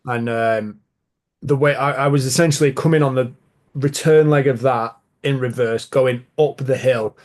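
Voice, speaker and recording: A man's voice: medium pitch, steady tone, moderate pace, a little mellow. A man hosting a podcast, telling rambling stories in a casual chatty way. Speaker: podcast host.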